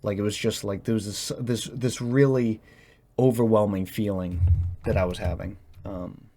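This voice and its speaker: A young man speaking in a personal confessional monologue, halting and hesitant as he searches for words, tense as he talks. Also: lowish voice, steady tone, warm tone, soft background music. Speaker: vlogger.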